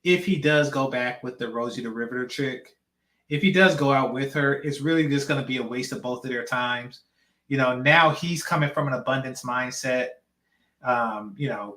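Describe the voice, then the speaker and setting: A man's voice: mid-range voice, brisk, sharp tone, reverberant. A man hosting a reaction channel, giving blunt, slangy commentary on a clip.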